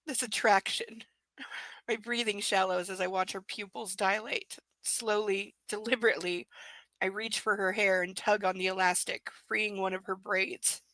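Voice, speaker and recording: A woman reads a novel aloud in a clear, bright voice. She keeps stopping for sarcastic, amused remarks about the characters. The sound is dry and close. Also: mid-range voice, no echo, rough recording. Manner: sarcastic asides, laughing at the text. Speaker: reader. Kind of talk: live book reading with commentary.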